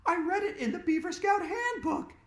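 A bossy, know-it-all schoolgirl barks orders in a shrill, high voice, put on by a man reading aloud. The pitch leaps around wildly. The room around the voice is roomy and echoing. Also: animated, moderate pace. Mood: commanding. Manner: shrill shouting. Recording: roomy echo.

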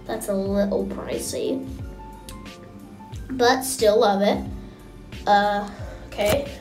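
A young woman hosting a casual gameplay vlog, chatty and gushing with excitement as she comments on what she sees. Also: medium pitch, slow, distant mic. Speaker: gaming channel host. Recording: echoey room, mic set back, music behind.

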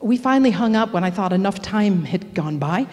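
A woman's voice: mid-range voice, expressive, a little fast, darkish tone. A middle-aged woman giving a personal testimony at church. She tells the story with animation and acts out the voices of the people in it. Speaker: church speaker. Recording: long church reverb.

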